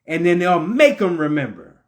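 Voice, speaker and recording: Man, preachy and repetitive, fairly high-pitched, impassioned monologue. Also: big pitch swings, normal speed. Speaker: religious commentator.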